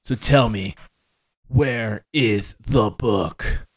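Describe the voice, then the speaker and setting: A man's voice: on the low side, very slow, slightly rough, dry recording, clean studio sound. A man playing in a tabletop role-playing game, talking loosely and jokily with many fillers. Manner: loose and jokey, lots of "like". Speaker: player.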